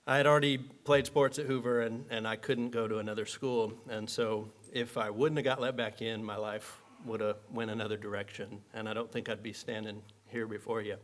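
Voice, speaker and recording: A man who was once a student, speaking a halting memorial tribute full of fillers. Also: lowish voice, level tone. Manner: halting, many fillers and restarts. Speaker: former student giving a tribute.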